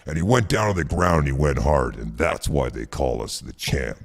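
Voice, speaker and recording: A man putting on a gravelly swaggering bar brawler. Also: big pitch swings, normal speed, full character voice. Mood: boastful. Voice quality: deep, gravelly. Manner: swaggering storyteller. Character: boastful tough-guy male bar brawler.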